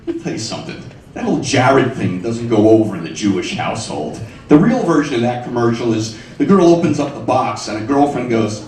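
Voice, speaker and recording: A man in his forties doing a stand-up set in a comedy club, wry and punchy, with sudden high squeals on his punchlines. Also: very animated, a little fast, a little mellow. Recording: echoey club sound from far off.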